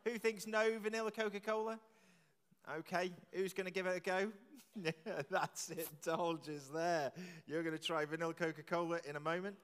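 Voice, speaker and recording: A man leading a church service, jokily quizzing the congregation with quick questions. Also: on the high side, little pitch movement, a bit bright, clear, resonant tone. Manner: jokey, chatty, quizzing the audience with quick questions. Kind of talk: playful all-age talk with the congregation. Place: large church with long reverb. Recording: echoey church from a distance.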